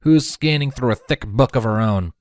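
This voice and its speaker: A man narrating a fan fiction audiobook in a steady storytelling manner. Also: mid-range voice, fairly quick, dry recording.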